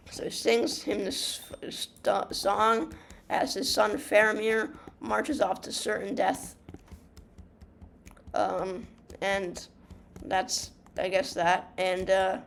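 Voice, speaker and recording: A woman's voice: mid-range voice, creaky, slight background noise. A young woman giving casual gaming commentary, rambling and ranting through a story retelling with many fillers, restarts and swearing. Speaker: gamer.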